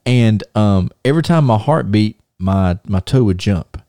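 A man hosting a podcast, telling a long story in a rambling, animated way with many restarts. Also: on the low side, a little slow, very noisy. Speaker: podcast host. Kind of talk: casual storytelling and show segment intro.

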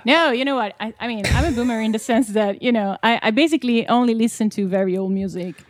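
A woman's voice: on the high side, quick pace, no room sound. A woman, a songwriter guest chatting casually, hesitant and giggly. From Italy. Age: 20s. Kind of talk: casual chat.

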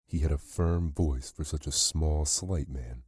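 Deep, husky male storyteller. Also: measured pace, a little mellow, dry recording, clean studio sound. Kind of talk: bedtime story reading.

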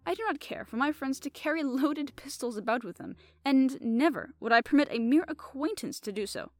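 A woman reading aloud, voicing a fussy, polite middle-aged male detective who speaks with courteous, soft reproof. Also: high-pitched, expressive, a little fast, no room sound. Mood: genteel.

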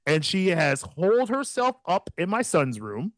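A man in his thirties co-hosting a podcast, telling a story in a casual, profane and animated way, laughing often. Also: sits high, unhurried, dry recording. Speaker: podcast co-host.

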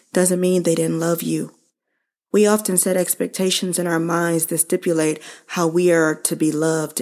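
A woman hosting her own show, speaking slowly and earnestly to listeners about losing her mother and how to grieve. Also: lowish voice, a little mellow. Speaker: podcast host. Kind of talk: personal reflective monologue.

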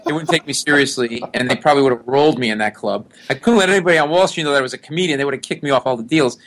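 A man's voice: medium pitch, racing. A middle-aged man telling a long story in a casual interview. He acts out the people he describes. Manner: animated storyteller who acts out the people in his stories. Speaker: guest.

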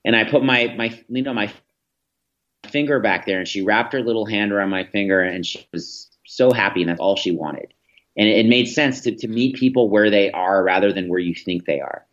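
A man's voice: lowish voice, brisk, a bit bright. A man in his thirties, a guest telling earnest stories in an interview, with frequent restarts. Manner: earnest, anecdotal, with many restarts. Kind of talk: storytelling in a podcast interview. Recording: dull lo-fi audio.

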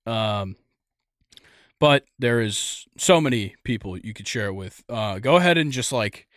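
A man's voice: fairly low pitch, expressive, a little slow, a bit bright, dry recording, clean studio sound. A young man hosting a casual sports podcast, rambling and joking with lots of fillers. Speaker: podcast host.

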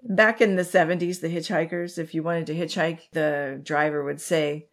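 A woman hosts a podcast over a remote call. Her voice sits a touch low, and she is gracious and laughs easily. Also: steady tone, normal speed. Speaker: podcast host. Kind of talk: casual remote podcast chat.

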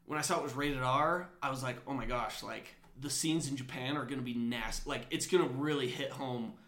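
Bright rambling young man in an echoey room. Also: mid-range voice, brisk. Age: young adult. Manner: rambling, many likes and restarts. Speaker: podcast co-host. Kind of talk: casual sports podcast chat.

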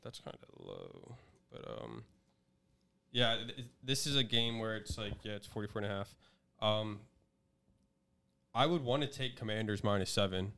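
A man's voice: fairly low pitch, big pitch swings, moderate pace, vocal fry, sharp tone, smooth. A man hosting a casual sports betting podcast, loose and chatty as he runs through the week's games. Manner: loose, chatty, laughs easily. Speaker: podcast host leading the picks.

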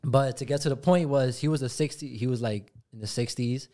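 A man in a laid-back podcast chat, with a voice of ordinary pitch. He winds through a personal story at an easy pace and leans on "like" and "you know" as he goes. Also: brisk. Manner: relaxed storyteller, many fillers like "like". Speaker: podcast co-host. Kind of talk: casual chat.

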